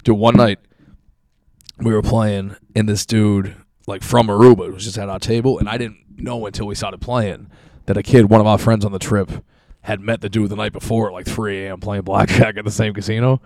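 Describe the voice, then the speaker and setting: A man's voice: lowish voice, little pitch movement, a little fast, darkish tone, no echo, clean studio sound. A young man telling a long story in casual chat, rambling and profane with lots of fillers.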